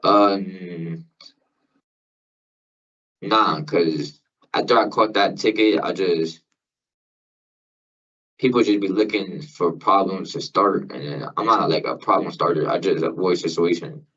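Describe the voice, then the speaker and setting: A man's voice: low voice, takes it slowly, pauses often, fairly bright tone, breathy edge. A young man at a parole hearing, answering questions in a casual, hesitant way with slang and fillers. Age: young adult. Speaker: incarcerated person at a parole hearing. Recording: distant, muffled remote hearing line.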